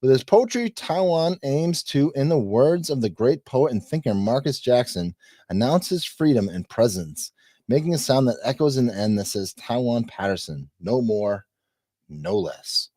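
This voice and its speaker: A man's voice: medium pitch, dry recording, studio quality. A man hosting a casual podcast, reading guest introductions and teasing his co-host with frequent laughter. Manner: laughs often, animated, playful teasing.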